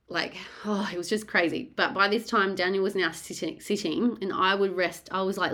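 A woman speaking in a slightly low voice, recounting her own birth story in candid, casual conversation. She talks frankly and with animation, and swears freely. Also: fairly bright tone.

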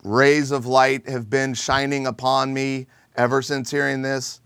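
A middle-aged man hosting a comedic monologue, animated and jokey. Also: medium pitch, a little slow, clear, resonant tone, dry recording, studio quality. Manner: animated, jokey, acts out quoted people. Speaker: host.

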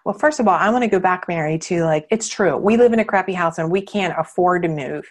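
A woman's voice: lowish voice, a little fast. A woman hosting a motivational podcast, talking casually with lots of fillers and acting out quoted thoughts. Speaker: podcast host and coach.

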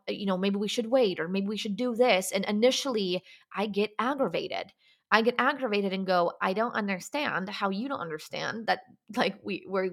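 A woman's voice: medium pitch, fairly bright tone. A young adult woman hosting a solo podcast, talking candidly and confessionally, often saying "like" and restarting her sentences. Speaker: podcast host.

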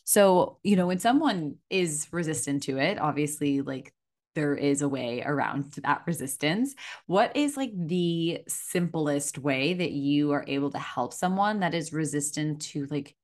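Deep-voiced woman podcast host. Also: animated, unhurried. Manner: warm affirming listener, lots of "like" and "mm-hmm". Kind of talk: casual podcast conversation.

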